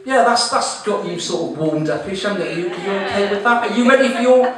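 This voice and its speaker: A man's voice: high voice, animated, fairly quick. A man compering a comedy night, telling a story and teasing the crowd with casual swearing. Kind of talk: stand-up storytelling to a live audience. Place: comedy club room. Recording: very echoey room, far-off mic, noisy.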